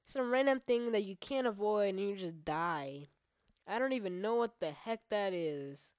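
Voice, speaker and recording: A woman's voice: medium pitch, animated, normal speed, darkish tone, no room sound. Rambling, foul-mouthed woman gamer, dry sound. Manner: rambling, profane, many fillers; trash-talks the game. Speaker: gaming channel host. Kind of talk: casual let's play commentary.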